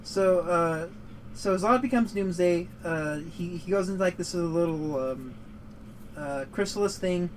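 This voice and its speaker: A man's voice: sits high, unhurried, slight background noise, poor audio. A man giving casual gaming commentary, rambling and swearing as he rants about a movie. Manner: rambling, profane, prone to heated rants. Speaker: gaming show co-host.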